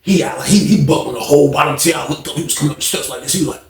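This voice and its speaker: Gravelly man spinning a rambling story. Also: a little high, very fast, roomy sound. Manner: slangy, rambling, acts out shouts. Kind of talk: casual storytime.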